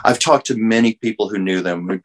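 A man's voice: fairly low pitch, fairly quick, low-quality recording. A man, an artist and medium, telling an emotional story earnestly as an interview guest over a video call.

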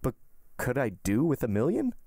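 A man voicing a suave, ironic wealthy count in an audiobook reading, smooth and politely mocking. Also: medium pitch, expressive, a little fast, a little mellow, no echo, clean studio sound, lightly acted. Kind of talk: audiobook character voice.

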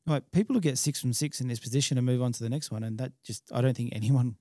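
A man's voice: medium pitch, fast, mellow, dry recording, clean studio sound. A man, a match director explaining stages in a casual podcast chat. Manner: explanatory, technical detail.

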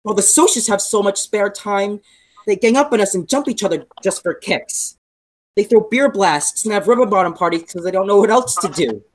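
Teen girl as a greaser boy, sensitive, quick-tempered, earnest, video call. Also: medium pitch, animated, lightly acted. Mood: brooding. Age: teens. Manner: earnest, bursting into outbursts. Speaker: student actor. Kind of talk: school play read over a video call.

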